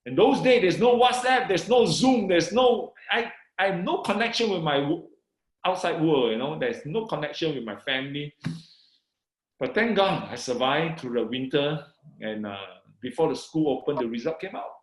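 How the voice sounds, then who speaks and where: A middle-aged man from Malaysia tells his life story with lively, swinging pitch and a slightly high voice. He repeats small phrases and slows right down to read scripture with emphasis. The room around him is echoey. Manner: excited, repeats "I said" and "you know", reads scripture with slow emphasis. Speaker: guest sharing his testimony. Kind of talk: animated personal testimony.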